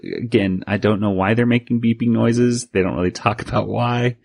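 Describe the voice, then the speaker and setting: A man co-hosting a podcast in casual chat, rambling through a comic recap and jumping into higher voices for quoted lines. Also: fairly even intonation, normal speed, vocal fry, darkish tone, dry recording. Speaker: podcast co-host.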